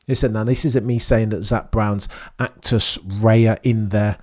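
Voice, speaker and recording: A man's voice: fairly low pitch, normal speed, few pauses, a little mellow. A middle-aged man hosting a motorsport news show, giving theatrical, indignant commentary and talking straight at the people he criticizes. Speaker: F1 news host. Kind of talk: opinionated commentary on a clip.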